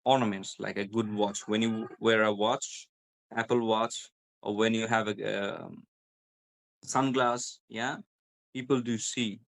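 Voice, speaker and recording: A man's voice: lowish voice, steady tone, takes it slowly, gravelly, a bit bright. A man with a British accent explaining pronunciation as a guest, repeating example words to show stress and intonation. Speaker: guest English pronunciation speaker. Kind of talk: explanatory conversation.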